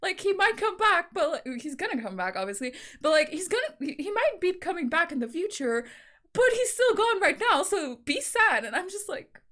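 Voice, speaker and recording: Young woman with a high voice reacting to a video, gushing and emotional, says "like" constantly, laughs near tears. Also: very animated, normal speed, fairly bright tone. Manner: gushing, heavy "like" fillers, laughing through tears. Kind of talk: emotional fan reaction chat.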